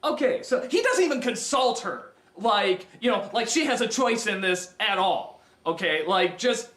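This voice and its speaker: A man giving a comedic film review rant, exasperated and mocking, with animated impressions. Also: high-pitched, moderate pace. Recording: roomy echoey recording.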